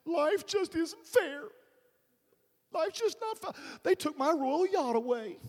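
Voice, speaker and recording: A preacher doing a pampered prince, whining that life isn't fair, in a high, drawn-out, sulky voice. The pitch sits well above his normal speech and swings widely. It rings with long reverb in a large hall. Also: lively intonation, exaggerated voice. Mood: whiny. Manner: high, drawn-out mock whine. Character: whining middle-aged royal prince, self-pitying.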